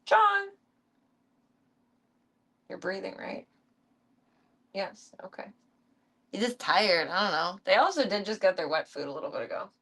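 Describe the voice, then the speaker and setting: Young woman streamer, gravelly, casual pet chatter, calls her pets in a high coaxing voice. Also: lively intonation, normal speed, pauses often, fairly bright tone. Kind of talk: casual chat while feeding pets.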